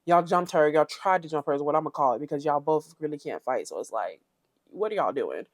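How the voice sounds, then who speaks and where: A woman's voice: low-pitched, animated, brisk, no echo, studio quality. A young woman hosting a reality TV recap, blunt, sassy and opinionated. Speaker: commentary channel host.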